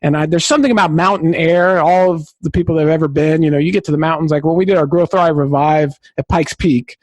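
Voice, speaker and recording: A man from Southern California, a podcast guest who tells stories in an excitable, high-energy way. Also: fast, no echo. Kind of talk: enthusiastic podcast conversation.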